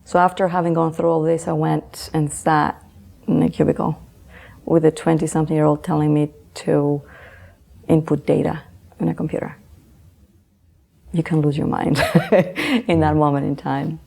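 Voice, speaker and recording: A middle-aged woman, an author and interview guest, earnestly telling a personal story and often answering with quick yeses. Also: low voice, little pitch movement, creaky, warm tone. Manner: earnest, repeats words, frequent affirming yeses.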